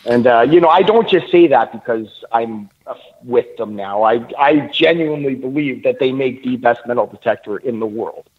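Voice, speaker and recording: A man's voice: medium pitch, moderate pace, a little hiss or hum. A man from Canada, a treasure hunter calling in as a guest on a live radio show, talks in a joking, self-deprecating way. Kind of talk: casual interview on live radio. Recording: tinny phone line.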